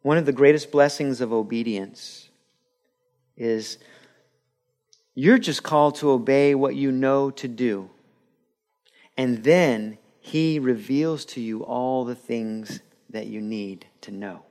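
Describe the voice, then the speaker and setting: A man preaching a sermon in a church, animated and laughing with the audience, acting out quotes. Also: medium pitch, takes it slowly. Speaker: pastor.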